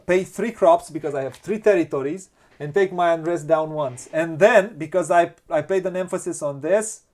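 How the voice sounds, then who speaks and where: This man talks in a slightly high voice with a Romanian accent. He plays a board game at an unhurried pace, counting pieces and reasoning through each move out loud. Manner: thinks aloud, counts pieces, many restarts. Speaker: board game channel host. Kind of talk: casual board game playthrough.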